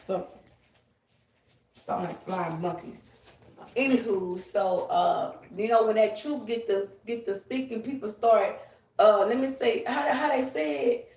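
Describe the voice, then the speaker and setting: A woman's voice: medium pitch, normal speed, darkish tone, recorded from a distance. A woman ranting on a livestream, profane, emphatic and confrontational. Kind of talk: livestream rant. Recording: roomy, away from the mic.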